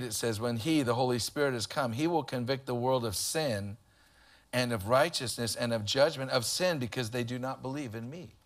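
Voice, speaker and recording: A man's voice: mid-range voice, a bit bright. A man, preaching a sermon in a conversational style with humorous anecdotes. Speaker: pastor.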